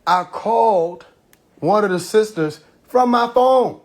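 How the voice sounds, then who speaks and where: A man's voice: high-pitched, expressive, slow. A man hosting a livestream, telling a story casually and animatedly, laughing often and acting out quoted dialogue. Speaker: live stream host. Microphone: phone livestream.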